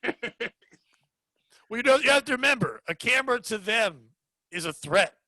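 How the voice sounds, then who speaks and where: A man from hosting a casual comedy podcast, joking in quick riffs and acting out the people he quotes. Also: very high voice, lively intonation, pushed and bright, no room sound. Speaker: podcast host.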